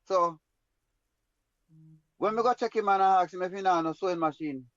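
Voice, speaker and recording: High-voiced Jamaican man telling a story. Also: normal speed, fairly bright tone, no room sound, lo-fi sound. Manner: rambling, emphatic, in patois. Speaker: guest storyteller. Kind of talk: personal story in an interview.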